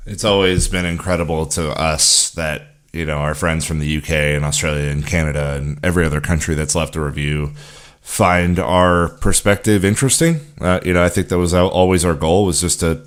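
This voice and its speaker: A man's voice: low voice, brisk. A man co-hosting a football podcast in easygoing, chatty conversation, often saying "you know". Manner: laid-back, chatty, uses "you know" a lot. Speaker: podcast co-host. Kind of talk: casual podcast chat.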